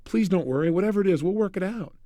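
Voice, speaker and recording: Energetic self-help guy lecturing straight at you, highish voice, dry sound. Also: quick pace, no room sound. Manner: animated, energetic, addresses listener directly.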